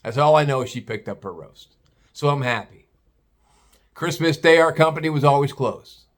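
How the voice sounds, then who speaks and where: An older man, a retired butcher, tells a story in a casual vlog, blunt, animated, and full of swearing. His voice is a little high and his pace normal.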